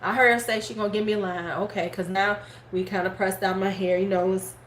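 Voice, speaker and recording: A middle-aged woman hosting a live stream, casually telling a story in animated fashion, swearing freely and acting out her relatives' words. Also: medium pitch, quick pace. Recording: roomy echo, faint background noise.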